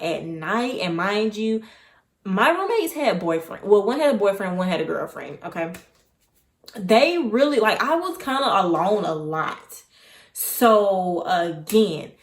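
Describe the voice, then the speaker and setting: Chatty young woman in an echoey room. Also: on the high side. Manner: chatty, digressive, animated retelling. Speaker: vlogger. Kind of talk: casual storytime.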